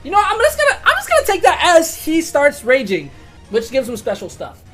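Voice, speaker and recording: A woman running a tabletop game as game master, excitable and swearing, swinging from quiet to loud. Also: high voice, fairly quick, soft background music.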